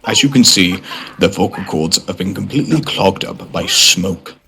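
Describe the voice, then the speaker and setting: A man's voice: deep voice, expressive, normal speed, vocal fry, sharp tone, slight background noise, full character voice. A man putting on a pompous nature-documentary narrator voice in voice chat, speaking with mock-solemn gravity. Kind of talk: voice chat role-play.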